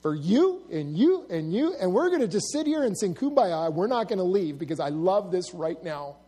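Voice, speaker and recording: A man doing an eager apostle with a bright idea. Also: sits high, big pitch swings, moderate pace, husky, exaggerated voice. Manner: enthusiastic, folksy. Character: eager male apostle pitching a big idea.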